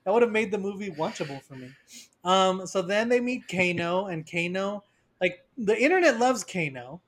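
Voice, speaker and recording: A man's voice: high voice, normal speed, a little hiss or hum. Chatty man riffing on a movie. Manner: animated, acts out characters in mocking quoted voices. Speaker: podcast co-host. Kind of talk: casual movie review chat.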